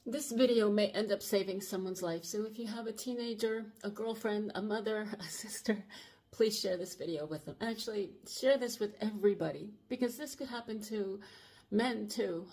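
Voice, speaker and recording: Earnest, halting woman around sixty. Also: mid-range voice, a little mellow. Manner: earnest, urgent, halting with frequent restarts. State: emotional, shaken. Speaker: channel host. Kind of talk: personal storytelling to camera.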